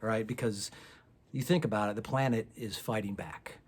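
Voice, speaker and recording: A man's voice: lowish voice, fairly even intonation, moderate pace, breathy edge. A middle-aged man doing a profane, sarcastic stand-up set to a camera on his back porch outdoors, with no audience. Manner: sarcastic, ranting, profane, rising to loud outbursts. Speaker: stand-up comedian.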